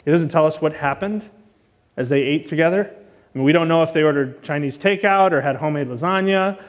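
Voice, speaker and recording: A man's voice: on the high side, fairly quick. A man giving a casual, chatty sermon as a guest teacher, full of asides and fillers. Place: church auditorium. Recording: long church reverb.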